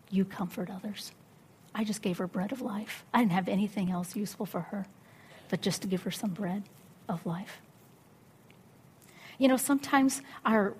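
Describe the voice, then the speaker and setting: Breathy woman preaching a story. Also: medium pitch. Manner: animated storytelling, acts out her own inner voice. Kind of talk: sermon.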